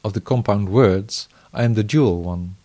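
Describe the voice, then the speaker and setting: A man reading scripture aloud in the first person, measured, in short phrases. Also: lowish voice, warm tone.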